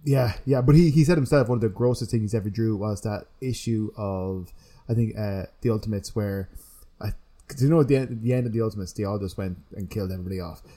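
A man's voice: on the low side, fast talker, warm tone, a little hiss or hum. A man co-hosting a podcast, chatting and joking with friends, often trailing off and restarting. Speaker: podcast co-host. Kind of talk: casual chat.

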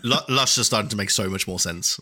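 A man co-hosting a podcast in casual chat, playful and quick to laugh. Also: fairly low pitch, slight background noise. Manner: laughs often, animated and playful. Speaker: podcast co-host.

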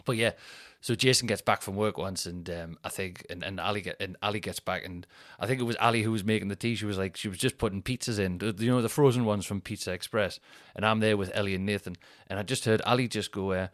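A man's voice: lowish voice, fast talker, fairly bright tone, no room sound, clean studio sound. A man, hosting a solo podcast and telling rambling, chatty stories that he laughs at himself. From Northeast England. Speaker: podcast host. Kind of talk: solo casual storytelling.

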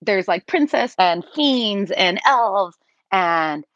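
A woman's voice: medium pitch, lively intonation, slow pace, fairly bright tone, dry recording, highs cut off. A woman co-hosting a podcast, chatting in an upbeat, enthusiastic way and laughing easily. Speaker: podcast co-host. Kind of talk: casual chat.

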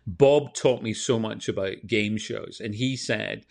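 A Scottish man from Scotland with a Scottish accent, a TV presenter telling animated anecdotes in a casual interview. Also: lowish voice, measured pace, vocal fry, hardly any pauses. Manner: animated anecdotes, quotes others. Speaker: TV and radio presenter, guest.

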